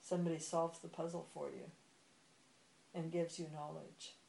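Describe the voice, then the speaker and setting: A woman's voice: deep voice, little pitch movement, normal speed, vocal fry, dark tone, roomy sound, a little hiss or hum. A woman teaching spiritual philosophy, explaining patiently with examples and checking that she is understood. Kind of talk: explanatory discussion.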